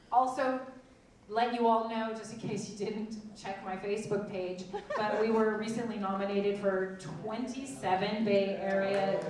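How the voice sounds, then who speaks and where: A woman hosting a theater event, giving a casual, joking welcome speech to an audience. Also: a little high. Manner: chatty, joking, laughing often. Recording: echoey room, distant mic, crowd and noise.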